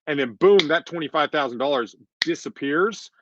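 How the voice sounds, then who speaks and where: A man on the high side, with lively intonation and a moderate pace, co-hosts a podcast over a noisy background. Casual and emphatic, he repeats his points and acts out quoted voices, in a dull, lo-fi, dry recording.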